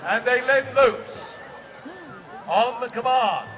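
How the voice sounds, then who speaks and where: Over background music and a cheering crowd, a very animated Australian man with a high voice takes his time as he plays comic live commentator at an outdoor festival. Speaking through a PA amid heavy outdoor noise, he cracks puns and rouses the audience.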